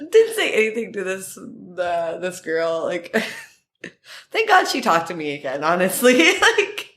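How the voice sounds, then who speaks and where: Female podcast guest, casual storyteller, very animated pitch, laughs a lot. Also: slow pace. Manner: animated, laughing often, quoting herself in higher voices.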